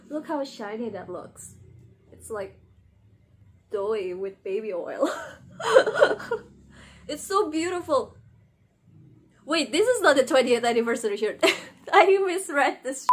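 A young woman chatting casually through an unboxing vlog, very expressive and giggly, squealing with excitement. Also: a little high, husky. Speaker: vlogger unboxing wrestling merchandise.

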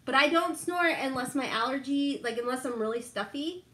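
A middle-aged woman chats with live viewers as she does her makeup. She laughs easily and keeps calling out viewers by name. Her voice sits a little high and rings in an echoey room. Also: normal speed, fairly bright tone. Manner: chatty, laughs often, reads out viewer names. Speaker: beauty vlogger chatting with live viewers. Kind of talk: casual chat while doing makeup.

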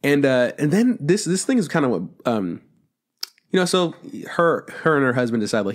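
A man's voice: medium pitch, sing-song, normal speed. A man co-hosting a podcast, rambling casually about a film he watched, and swearing a lot as he retells the scenes. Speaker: podcast co-host.

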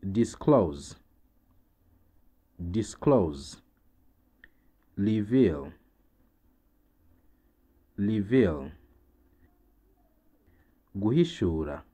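Rwandan-accented male teacher, low and mellow, deliberate repeat-after-me delivery. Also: very animated, breathy edge. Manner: very slow, deliberate, repeats each word twice. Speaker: English teacher. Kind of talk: slow vocabulary drill with translations.

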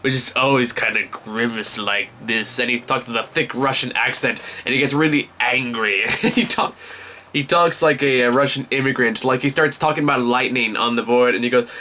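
Enthusiastic rambling young man, bright voice. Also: mid-range voice, normal speed, slight background noise. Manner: enthusiastic, rambling, swears often. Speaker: movie reviewer. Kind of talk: casual vlog review.

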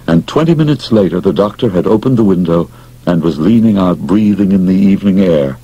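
A man narrating an audiobook in an expressive, dramatic storytelling manner. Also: sits low, normal speed, slightly rough, no room sound, low-quality recording.

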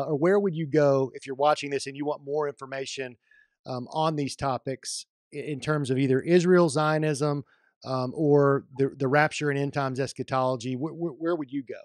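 A man's voice: fairly high pitch, a little mellow, dry recording, studio quality. A man hosting an interview, asking questions in a searching, hesitant, friendly way with many restarts. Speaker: interview host.

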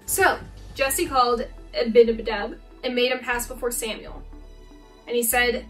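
Woman teaching a youth Bible lesson, fairly high voice, casual and playful, a bit distant from the mic, soft music underneath. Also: a little slow. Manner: casual, playful, acts out characters.

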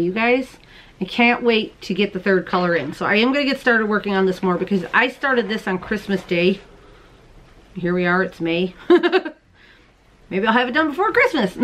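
A woman's voice: fairly high pitch, a bit bright. Bubbly chatty woman talking to camera. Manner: chatty, bubbly, laughs often, talks to viewers as "you guys". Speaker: crochet and knitting podcast host. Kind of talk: casual chat to camera. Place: at home, indoors.

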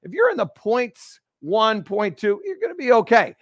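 A man hosting a live golf lesson, explaining each move step by step with energetic restarts in an indoor golf studio. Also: high voice, moderate pace, no echo, lo-fi sound. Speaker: golf instructor and show host. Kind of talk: live instructional demonstration.

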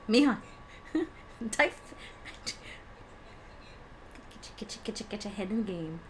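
A woman's voice: medium pitch, animated, unhurried, long pauses. A young woman streaming a game live, chatting casually to viewers, often laughing and swearing. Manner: laughs often, swears freely, talks to chat. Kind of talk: casual live-stream chat while gaming. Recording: faint background noise.

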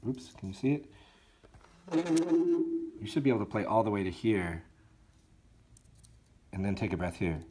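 A man's voice: on the low side, big pitch swings, a little slow, pauses often, warm tone, a little hiss or hum. A man teaching a school band part, counting aloud and singing the notes, with encouraging talk for his students. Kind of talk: instructional walkthrough for students.

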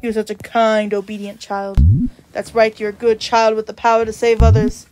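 A woman reading the lines of an old, weary reaper with principles, gentle and formal, over game music. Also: fairly high pitch, little pitch movement, moderate pace, voice pushed down, natural voice. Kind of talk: reading game dialogue aloud. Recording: music playing behind.

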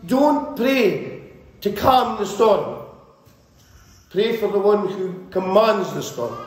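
High-voiced fervent male preacher, echoey hall. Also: big pitch swings, slow pace, darkish tone, slight background noise. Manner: fervent, repetitive rhythmic preaching with rising build-ups. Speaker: pastor. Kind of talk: sermon. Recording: very echoey church hall, faint ambience.

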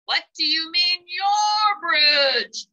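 A woman reading aloud, voicing a big, mean billy goat who brags and taunts in a gruff, loud voice. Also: extremely high pitch, very slow, muffled recording, pitched above the performer's own voice, exaggerated voice. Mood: taunting.

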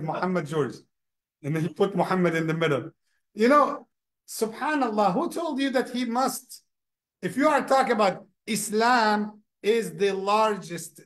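A man gives a lesson as an imam, speaking in a lively, conversational way. He often repeats words while searching for his point. His voice is high for a man. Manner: animated, repeats words, acts out people. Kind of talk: mosque lesson.

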